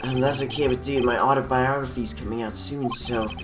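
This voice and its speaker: A man voicing a spacey, laid-back male TV actor who talks loudly with an airy drawl, heard from a distant mic with game music behind. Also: medium pitch, fairly even intonation, a little fast, reverberant, natural voice.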